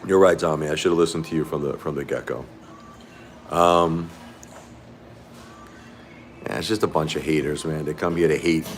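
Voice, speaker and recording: A middle-aged man hosting a livestream from a fast-food restaurant. He rambles casually to his chat, repeating himself and calling viewers by name. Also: very deep voice, fairly even intonation, slight background noise. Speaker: livestream host.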